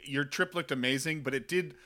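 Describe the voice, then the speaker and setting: Man, podcast co-host, wry teasing banter, bright forward voice. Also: a little high, brisk. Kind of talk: casual chat.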